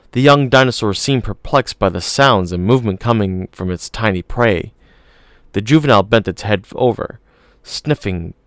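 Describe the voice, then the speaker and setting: Low-voiced male audiobook narrator. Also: dry recording, clean studio sound. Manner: steady, measured reading.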